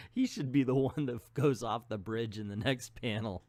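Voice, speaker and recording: A man hosting a comic book video, reading a story aloud and stopping for joking asides. His pitch moves in a lively, animated way. The sound is close and dry. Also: slow, dry recording. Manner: joking, self-mocking asides.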